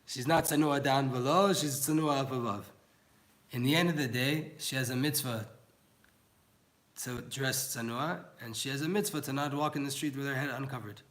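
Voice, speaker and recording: A man's voice: mid-range voice, normal speed, a bit bright. A young man giving an informal Torah class, earnest and pleading, mixing in words. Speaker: Torah teacher.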